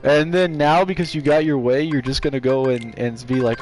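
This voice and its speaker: A man's voice: mid-range voice, fairly even intonation, moderate pace, darkish tone. A man streaming live, telling a story from work in a rambling, casual way with frequent restarts. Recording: game music playing behind. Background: video game music.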